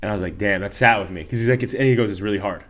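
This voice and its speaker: A man with a somewhat low voice hosts a casual interview. He is chatty and enthusiastic and keeps backing his guest up with quick agreement. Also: fairly bright tone. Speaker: podcast host.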